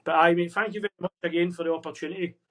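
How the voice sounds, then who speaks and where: Fast, earnest motivational man. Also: high-pitched, fairly even intonation, a bit bright. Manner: earnest, encouraging, peppers talk with "mate". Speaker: podcast guest. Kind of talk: motivational casual chat. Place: remote conversation across the world.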